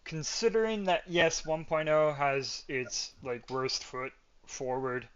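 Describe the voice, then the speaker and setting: A man's voice: on the high side, steady tone, slow pace, a bit bright, clean tone, lo-fi sound. A man hosting a podcast in casual chat, rambling and often ending his points with "right?". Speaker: podcast host.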